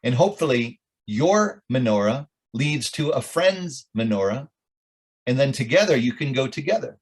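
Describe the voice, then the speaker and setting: A man's voice: mid-range voice, expressive, moderate pace, slightly rough. A middle-aged rabbi telling stories with jokes and asides to his audience at a club meeting. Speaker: rabbi, guest speaker. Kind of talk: informal talk at a club meeting.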